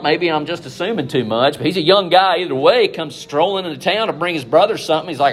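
Lively-voiced male preacher. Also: a little high, a little hiss or hum. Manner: animated, acts out biblical figures in quick asides. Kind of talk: sermon.

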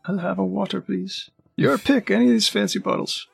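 A man's voice: sits high, fairly quick, vocal fry, husky, voice pushed up, exaggerated voice. A man doing a polite tavern bartender. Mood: courteous.

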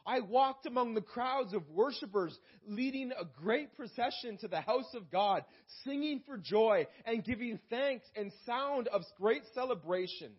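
A man preaching a sermon in church, calling out to the congregation and slowing down to read scripture aloud. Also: extremely high pitch, expressive, breathy edge, lo-fi sound. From Canada. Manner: preaching with call-outs to the congregation. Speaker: pastor.

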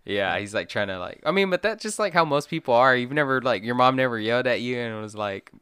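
A man in relaxed casual chat, laughing often and swearing freely. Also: mid-range voice, fast, smooth, no room sound, clean studio sound.

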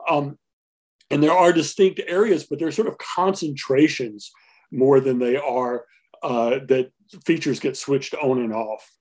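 A man speaks as an interview guest, laying out ideas in a measured, explanatory way. His pitch sits in the middle of the range, and he pauses on filler words while he thinks. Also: darkish tone. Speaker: linguist guest.

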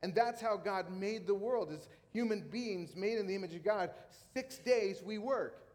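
A man's voice: high-pitched, moderate pace, a little mellow. A middle-aged man who is a pastor, preaching a sermon in a casual, conversational way with emphatic repetition. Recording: long hall reverb.

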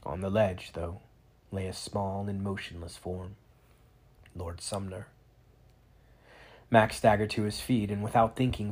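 A man narrating a fantasy storybook aloud in a dramatic, expressive reading. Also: lowish voice, husky.

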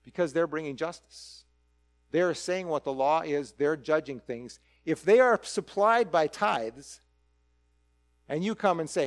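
A man preaching a conversational sermon, animated and full of rhetorical questions. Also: fairly high pitch. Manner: animated, asks rhetorical questions, acts out quick quoted voices.

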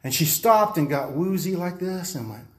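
A man preacher telling a dramatic testimony in a fairly high voice, emphatic and insistent and acting out each moment. His voice rings through a roomy, echoing space. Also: animated, moderate pace. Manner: emphatic, insistent, acts out scenes. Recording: roomy echo.

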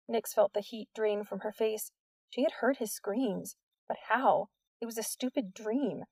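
A woman narrating an audiobook in an even storytelling read. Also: fairly high pitch, unhurried, breathy edge, dry recording, recorded from a distance.

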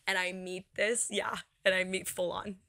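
A woman who is a podcast guest, telling a story in casual chat, expressive and laughing often. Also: medium pitch, moderate pace, gravelly.

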